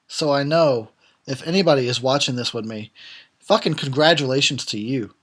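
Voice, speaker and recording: A man's voice: fairly high pitch, normal speed, a bit bright. A tired man who has been drinking, giving casual, profane, sarcastic commentary on a film and chuckling often. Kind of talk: casual drunk movie commentary.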